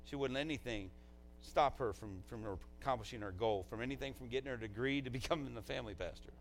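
A man of average pitch speaks as a pastor giving a eulogy, talking loosely and from the heart. He keeps it casual, dropping in "man" between thoughts. A faint hum sits behind his voice. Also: fast, rough recording. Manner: conversational and heartfelt, fillers like "man".

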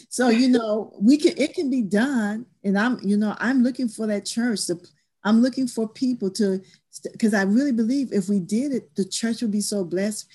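A woman's voice: fairly high pitch, moderate pace, dark tone, husky. Woman, church stewardship leader, emphatic, earnest, discussion class.

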